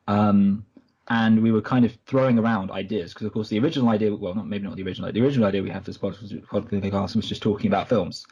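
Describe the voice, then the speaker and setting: Male podcast co-host, husky and a touch low, rambling and self-correcting, lo-fi recording. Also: a little mellow. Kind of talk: casual podcast chat.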